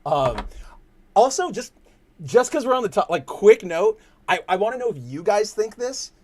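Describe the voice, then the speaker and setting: A man's voice: sits high, big pitch swings, normal speed, a little mellow. A young man with a Californian accent, hosting a casual livestream and rambling to his chat in slangy, loose talk. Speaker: stream host.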